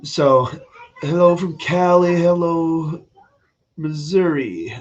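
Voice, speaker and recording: A man's voice: a little high, slow pace, highs cut off. A man hosting a casual political livestream, talking bluntly and opinionated, rambling with frequent restarts. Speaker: livestream host.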